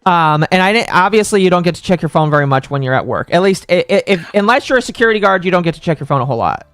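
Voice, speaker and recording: A man's voice: sits high, expressive, racing, fairly bright tone, clean tone, no echo, clean studio sound. Stammering man ranting on a live stream. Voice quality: stammering, restarts often. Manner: heated, swears freely. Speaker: stream host. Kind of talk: casual live-stream rant.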